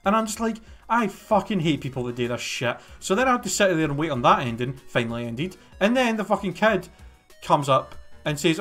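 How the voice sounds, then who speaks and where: A young Scottish man with a somewhat high voice rants through a long everyday story as a streamer, swearing constantly and sounding fed up. Faint game music plays quietly behind him. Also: expressive, fairly quick. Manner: swears constantly, exasperated, rambling. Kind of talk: ranting anecdote during a game stream.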